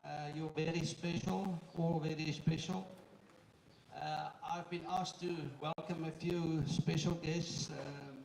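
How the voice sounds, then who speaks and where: Man, high-pitched, chairman welcoming an audience, joking, halting; recorded from afar with faint noise. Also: little pitch movement, vocal fry. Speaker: company chairman giving a welcome speech. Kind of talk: live event welcome speech. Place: indoor event room with an audience. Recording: echoey room, far from the mic, faint noise.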